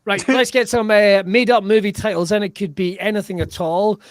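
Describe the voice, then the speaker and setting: A man hosting a live online comedy show over a video call, giggly and excitable, swearing playfully. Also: high-pitched, fairly quick, dry recording, clean studio sound. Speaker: host.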